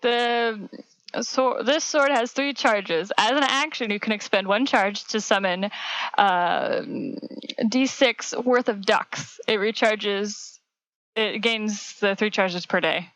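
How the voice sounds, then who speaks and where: Giggly woman reading slowly. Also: medium pitch, no echo, low-quality recording. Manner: giggly, excited. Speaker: player. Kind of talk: casual play, reading out rules.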